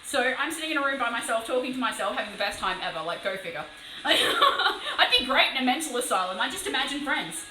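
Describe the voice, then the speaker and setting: Giggly, bright-voiced Australian woman. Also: sits high, big pitch swings, fast, reverberant, slight background noise, poor audio. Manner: chatty, laughs often, swears playfully. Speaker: livestreaming miniature painter. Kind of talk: casual live-stream chat. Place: room alone.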